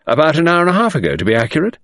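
An earnest young English gentleman, played by a male audiobook reader, owns up meekly and apologetically. His voice moves up and down freely. The reading is close and dry. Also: a little high, huge pitch swings, very fast, no room sound, pitched above the performer's own voice, full character voice. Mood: startled.

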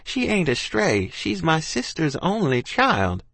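A man voicing a gentle aunt who pleads slowly, pitched higher than his narration. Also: big pitch swings, vocal fry, dry recording, heavily acted. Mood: pleading. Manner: pleading, slow.

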